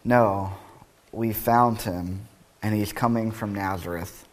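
A man's voice: fairly low pitch, steady tone, slow pace. A male pastor reading scripture aloud, then preaching in a conversational, reflective way with wry asides.

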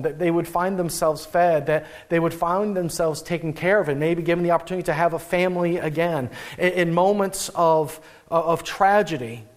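Young male pastor, light high voice, chatty animated sermon delivery. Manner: conversational, animated preaching with frequent restarts.

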